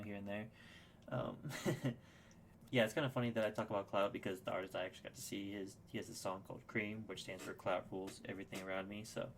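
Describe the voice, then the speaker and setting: A young man with a low voice races through a personal story as a podcast guest. He is casual and excitable, swears freely, and trips over his own words with fillers and restarts. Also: slight background noise.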